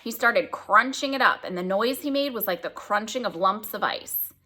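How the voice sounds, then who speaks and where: Woman reading a kids book out loud, bouncy voice, goes up and down a lot. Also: mid-range voice, normal speed. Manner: lively storytelling, shows the pictures. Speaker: reader. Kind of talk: reading a children's book aloud.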